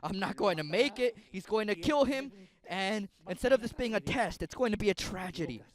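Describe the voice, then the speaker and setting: A man's voice: high-pitched, animated, fairly quick, pitched above the performer's own voice. A man voicing a panicked archangel who begs to be allowed down, in a sermon story. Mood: desperate. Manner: pleading, frantic. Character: panicked archangel begging to intervene.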